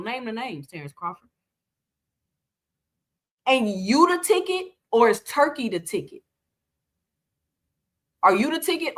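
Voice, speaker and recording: A woman with a somewhat high voice hosts her own casual commentary. She talks animatedly and fires off one rhetorical question after another. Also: fairly bright tone. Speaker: boxing commentary host.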